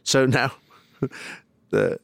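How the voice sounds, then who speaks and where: A middle-aged comedian with a South African accent telling stories in a rambling, animated way and acting out the voices of the people he quotes. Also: medium pitch, very slow, gravelly, dry recording. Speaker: comedian, guest. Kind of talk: casual storytelling.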